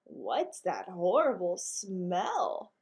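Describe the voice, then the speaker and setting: A woman's voice: on the low side, huge pitch swings, drawn-out words, full character voice. A woman voicing a genteel mother dog who talks in an overly polite, sugary way.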